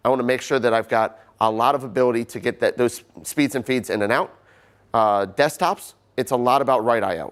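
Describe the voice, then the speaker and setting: Casual man giving a tech sales talk. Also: mid-range voice. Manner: casual, loose wording with frequent 'kinda'. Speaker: sales engineer. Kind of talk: conference product presentation.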